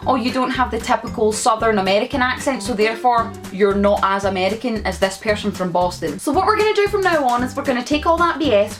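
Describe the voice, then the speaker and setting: A woman's voice: high voice, fairly bright tone. A Scottish woman in her twenties, vlogging in a sarcastic, exasperated, emphatic way. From Scotland. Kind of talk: casual ranting vlog.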